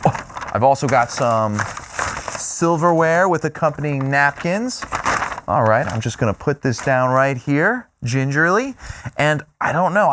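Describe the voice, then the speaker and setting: A man's voice: mid-range voice, a bit bright, a little hiss or hum. A man hosting a casual food review vlog, talking in a playful, self-mocking way with exaggerated reactions to each dish.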